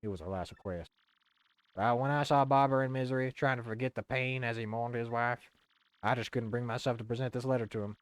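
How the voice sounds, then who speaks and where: A man doing a hushed, guilt-ridden old bomb. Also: fairly quick, smooth, no echo, natural voice. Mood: remorseful. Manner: low, hushed and confessional.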